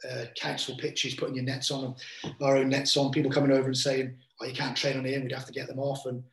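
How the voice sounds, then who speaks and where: A man's voice: medium pitch, completely flat delivery, fast, a bit bright. A man hosting a casual interview, prompting his guest in a friendly way with lots of fillers. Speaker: podcast host, former teammate. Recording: roomy echo.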